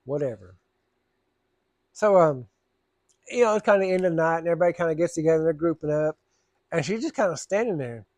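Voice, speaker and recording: Speaking quickly in a higher, slightly mellow voice, this Southern-drawling vlogger rambles casually through a tale, performing each person's voice himself. The recording is dry.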